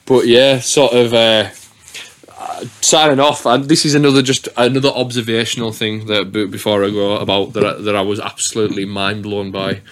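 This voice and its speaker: A man's voice: on the low side, little pitch movement, normal speed, fairly bright tone. Rambling man hosting a podcast. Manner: rambling, swears freely, many restarts. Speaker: podcast host. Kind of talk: casual chat.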